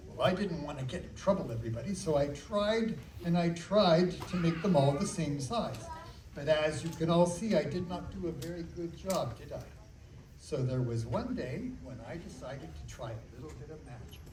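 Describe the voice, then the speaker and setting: A male children's magician doing a playful, animated magic show and storytelling in a library, talking with the audience. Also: on the high side, normal speed, far from the mic, slight background noise. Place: public library room. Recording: echoey room from afar with kids.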